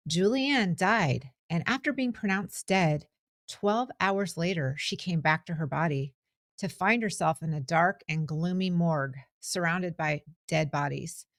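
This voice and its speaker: A woman hosting the show, giving a clear, inviting scripted introduction of her guest. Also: on the low side, a little slow, dry recording, clean studio sound. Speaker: show host.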